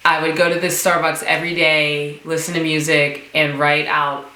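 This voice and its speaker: A young woman in her twenties telling a casual storytime vlog, acting out quoted dialogue with sudden jumps up in pitch. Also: flat delivery, normal speed, bright, forceful tone. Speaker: vlogger. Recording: echoey room.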